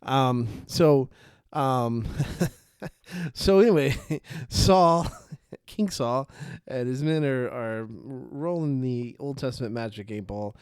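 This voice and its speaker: A man's voice: mid-range voice, takes it slowly, a little mellow, clean tone, no room sound, clean studio sound. A man hosting a faith podcast, telling a Bible story in a loose, rambling way with lots of fillers and restarts, acting out the characters' lines as he goes. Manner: rambling, many fillers and restarts, laughs at his own tangents. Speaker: podcast host. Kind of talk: casual faith podcast talk.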